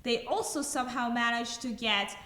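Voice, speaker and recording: A woman game master narrating a tabletop game with slow, dramatic scene-setting. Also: fairly high pitch, bright, forceful tone. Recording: echoey room.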